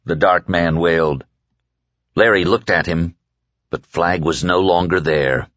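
A man reading an audiobook with deliberate, dramatic storytelling. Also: low-pitched, a bit bright, dry recording, lo-fi sound. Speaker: audiobook narrator. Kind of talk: scripted narration.

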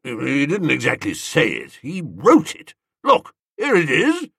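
A man's voice: a little high, wildly swooping pitch, slow, gravelly, a bit bright, breathy edge, no room sound, clean studio sound, exaggerated voice. A man voicing an aggrieved blustering bully. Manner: sulky, pleading protest.

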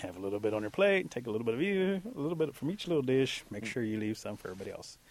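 A male storyteller tells an animal folk tale in a relaxed, chatty manner, his voice sitting at an ordinary middle pitch. He keeps it lively and easy, like talking to a friend. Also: very fast.

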